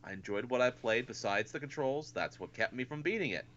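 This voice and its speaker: A man's voice: medium pitch, expressive, brisk, fairly bright tone, a little hiss or hum. A man co-hosting a podcast in casual chat, rambling with lots of "and stuff" fillers. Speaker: podcast co-host. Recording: dull lo-fi podcast audio.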